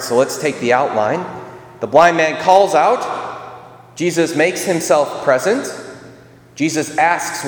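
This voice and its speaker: A man preaching a sermon in a casual, conversational way, acting out the voices of people in the story. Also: medium pitch. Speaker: priest. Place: church. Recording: echoey church with long reverb.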